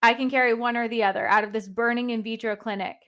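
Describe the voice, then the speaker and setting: A woman's voice: a little high, fairly even intonation, a bit bright. A young adult woman, a nurse guest on a podcast, talking bluntly in casual chat with lots of "like" fillers. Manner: blunt, talks fast in bursts with many "like" fillers.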